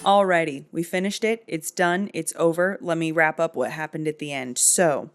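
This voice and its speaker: A woman's voice: sits low, normal speed, faint music behind. Sleepy woman joking through a movie recap. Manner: rambling, joking asides. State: sleepy late at night. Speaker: video host.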